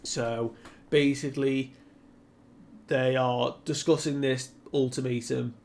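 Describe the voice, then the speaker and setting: A man casually recapping a comic chapter in a relaxed, rambling way with lots of fillers. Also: medium pitch, takes it slowly. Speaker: manga commentator.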